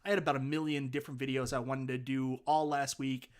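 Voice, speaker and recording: A man's voice: mid-range voice, flat delivery, quick pace. A man with a Newfoundland accent hosting a casual livestream, rambling enthusiastically and thanking viewers for their comments. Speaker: livestream host. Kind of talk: casual live chat, reading viewer comments.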